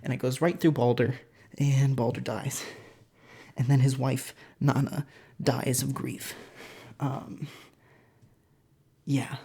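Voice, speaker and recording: A casual storyteller retells an old legend in an irreverent, rambling way. The voice is gravelly and a little husky, full of jokey asides and fillers. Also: medium pitch, level tone, slow, long pauses, warm tone.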